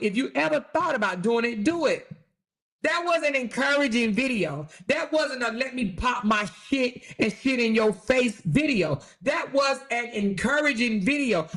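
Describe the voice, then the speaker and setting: A woman's voice: sits high, fairly bright tone. A woman hosting her own channel, talking in a casual rant that is blunt, profane and mocking and repeats phrases for emphasis. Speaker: channel host.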